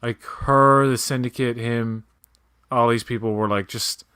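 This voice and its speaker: A man's voice: medium pitch, steady tone, a little slow, bright, forceful tone, clean tone, dry recording, studio quality. A man co-hosting a casual watch-along chat, rambling loosely with many fillers. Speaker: podcast co-host.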